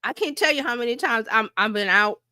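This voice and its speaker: A middle-aged woman coach presents a marketing workshop in an animated, breezy way. Her voice sits a little high and sounds bright and forceful. The recording is dry and close. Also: fairly quick, no room sound. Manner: animated, breezy, fills gaps with playful "da, da, da".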